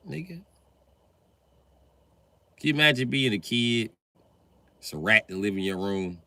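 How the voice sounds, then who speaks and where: A comedian on a live stream, cursing freely and acting out characters. His voice is sharp and forceful, climbing and dropping across a wide range. The sound is dry and close. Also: measured pace, long pauses, no room sound. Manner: profane, animated, acts out voices with big pitch jumps.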